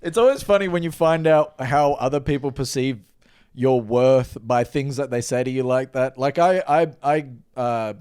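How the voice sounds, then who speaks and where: A man's voice: medium pitch, normal speed, clear, resonant tone. A man, co-hosting a casual comedy podcast, telling stories and acting out quotes. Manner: animated storyteller, acts out quotes.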